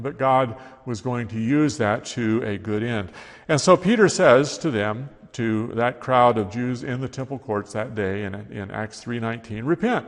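Male preacher, steady expository delivery, long hall reverb. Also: mid-range voice. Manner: steady expository preaching, reading scripture aloud with rising emphasis. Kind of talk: sermon.

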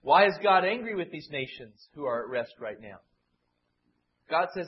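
A man with a high, husky voice preaches verse by verse and leans into the voices he quotes. His delivery swings between loud, pleading outbursts and low, quiet asides. The recording is muffled and lo-fi. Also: sing-song, brisk. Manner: dramatic, acts out quoted voices. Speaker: pastor. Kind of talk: expository Bible sermon.

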